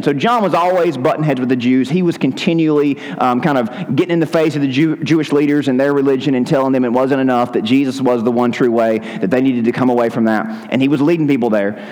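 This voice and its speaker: A man's voice: medium pitch, a little fast, darkish tone. A man preaching a sermon as pastor, conversational and with joking asides. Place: church sanctuary. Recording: long hall reverb.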